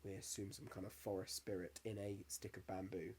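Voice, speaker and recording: A man's voice: deep voice, level tone, a little fast, darkish tone, breathy edge. A man in his thirties, co-hosting a podcast in casual chat, candid and sweary, getting emotional as he tells stories. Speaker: podcast co-host.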